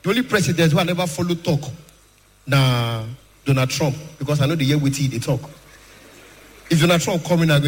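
A Nigerian Pidgin-accented man performs stand-up, spinning stories and playing out phone calls. His voice sits high. The hall gives it a long reverb, with a faint murmur of the room underneath. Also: fairly quick, long pauses, slight background noise. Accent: Nigerian Pidgin English. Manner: storytelling, acting out callers. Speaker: stand-up comedian. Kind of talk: stand-up comedy set. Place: live comedy stage in a hall.

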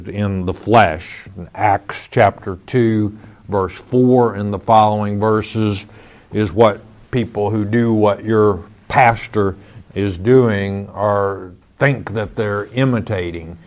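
A man answering listener questions about the Bible on a call-in show, firm and matter-of-fact, citing chapter and verse with frequent "uh" fillers. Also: fairly low pitch.

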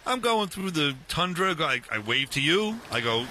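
Bright, lively man in his fifties for a casual storytelling chat, animated with restarts. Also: on the high side, normal speed, slight background noise. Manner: animated, restarts, acts out dialogue.

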